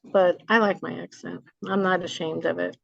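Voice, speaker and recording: A woman's voice: fairly low pitch, moderate pace, gravelly, no echo, highs cut off. A woman from New Jersey with a North Jersey accent, chatting as a guest in a casual interview over a video call. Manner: chatty, animated storyteller. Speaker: guest, memoir author.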